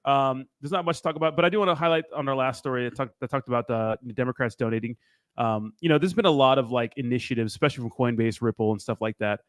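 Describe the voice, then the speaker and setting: Slangy young man, quick laid-back co-host. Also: medium pitch, no room sound, studio quality. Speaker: crypto show co-host. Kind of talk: casual livestream chat.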